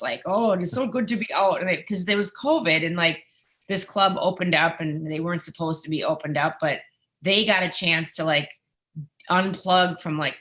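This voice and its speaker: A woman with a low, bright-edged voice tells stories from her touring life as a podcast guest. She talks in an animated, chatty way, full of "like" and quick asides. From United States. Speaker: guest, musician and former wrestling interviewer. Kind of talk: casual interview storytelling.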